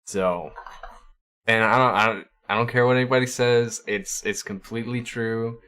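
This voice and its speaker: A man's voice: medium pitch, steady tone, normal speed, bright, forceful tone, smooth. A man hosting a livestream, chatting casually with viewers and often stumbling over and repeating his words. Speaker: livestream host.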